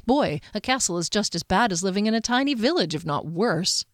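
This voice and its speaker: A frank, spirited young warrior woman, as a female audiobook reader puts her on, blunt and quick to push back. Her voice sits a touch high and carries energy, read in a dry, close setting. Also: animated, no echo, lightly acted. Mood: defiant. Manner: blunt and exasperated.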